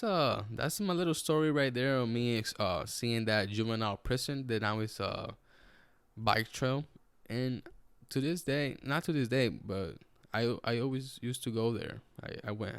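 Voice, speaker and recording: Young podcaster, low gravelly voice, swears freely, dry close mic. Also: male voice, dry recording. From Puerto Rico. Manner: profane, rambling, frequent restarts and fillers. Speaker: podcast host. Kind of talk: casual storytelling.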